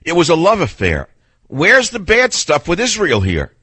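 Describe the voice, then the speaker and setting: A gruff, slightly husky older man behind a studio mic, his pitch swinging widely as he scolds and mocks. He talks in a blunt, sarcastic, argumentative way, like a veteran talk radio host. The sound is close and dry. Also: wildly swooping pitch, moderate pace, sharp tone, dry recording. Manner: blunt, sarcastic, argumentative, mimics people in voices. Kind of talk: combative call-in radio talk.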